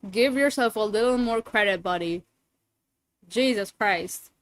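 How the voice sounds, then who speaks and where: A young woman streamer chatting casually with her viewers, playful and teasing, sometimes giving soft, gentle affirmations. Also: mid-range voice, unhurried, dry recording, low-quality recording. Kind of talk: casual livestream chat with viewers.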